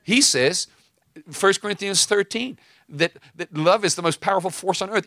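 A man with a high-pitched, bright voice preaches at a moderate pace, his tone forceful and emphatic. Serving as preacher and host, he mixes scripture with anecdotes and casual comments in fiery, impassioned preaching. No echo is present.

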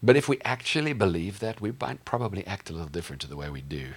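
A man's voice: deep voice, very animated, fast, slightly rough. A male pastor preaching a sermon in a conversational, humorous way, often asking the congregation questions.

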